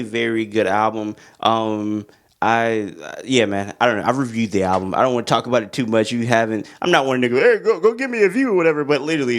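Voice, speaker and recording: A man ranking his favorite albums in a casual vlog, excitable and rambling, full of slang. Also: medium pitch. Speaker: music reviewer.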